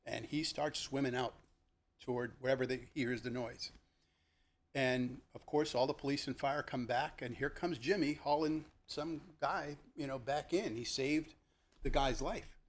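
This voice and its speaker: An older man, a retired police lieutenant, telling stories from his career in a conversational podcast interview and animatedly acting out the people in them. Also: a little slow. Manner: animated, acts out the people in his stories with sharp jumps in pitch; conversational, with fillers and restarts. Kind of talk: podcast storytelling.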